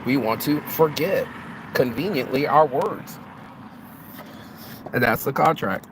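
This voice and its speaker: A man delivers a loose motivational monologue at a middle pitch, full of rhetorical questions and restarts. His voice is recorded outdoors, with clear traffic noise behind him. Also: expressive, slow pace. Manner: preachy, rhetorical questions, repeats and restarts words. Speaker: motivational vlogger.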